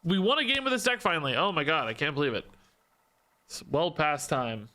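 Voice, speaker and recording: A man's voice: fairly high pitch, lively intonation, a little fast, pushed and bright. A man streaming a card game, thinking aloud, questioning himself and joking between plays. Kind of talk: live-stream gameplay commentary.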